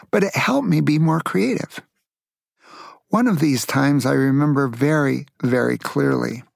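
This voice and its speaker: Gravelly grandpa telling a story. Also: male voice, a little high, dry recording, clean studio sound. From Tacoma, Washington, USA. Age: older. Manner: playful, asks the listener questions.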